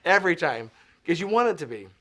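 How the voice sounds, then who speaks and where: A man's voice: a little high, very animated, fast, sharp tone. A man from Arizona, a guest in an interview, telling casual stories with enthusiastic, rambling speech and frequent restarts. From Arizona, USA. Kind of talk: casual anecdotal storytelling.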